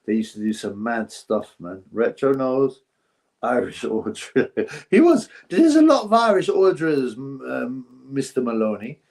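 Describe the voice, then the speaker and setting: A man's voice: mid-range voice, sing-song, normal speed, gravelly, a little mellow. Casual male streamer, loose rambling delivery, reacts to viewer comments. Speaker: boxing livestream host. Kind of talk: casual live-stream chat.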